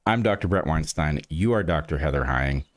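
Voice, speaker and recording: A man's voice: extremely low pitch, expressive, brisk, dry recording, studio quality. A man co-hosting a podcast, chatting casually in a rambling, self-deprecating way, jet-lagged and a bit discombobulated. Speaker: podcast co-host. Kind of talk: casual chat.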